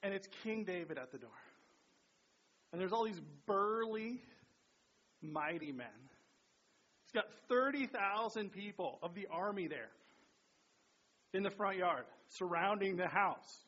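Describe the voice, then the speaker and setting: Bright, husky-voiced man preaching. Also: high voice, expressive, measured pace, long pauses. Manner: chatty, lots of "right?" and "you know". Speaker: pastor. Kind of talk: sermon. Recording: dull lo-fi sound.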